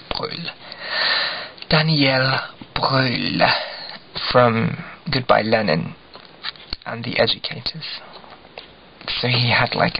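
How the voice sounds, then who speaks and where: A young man from England rambles casually to camera, self-deprecating and filler-heavy. His voice sits at a middling pitch with a gravelly edge. The recording is dull and lo-fi, with a faint hiss underneath. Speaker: video blogger.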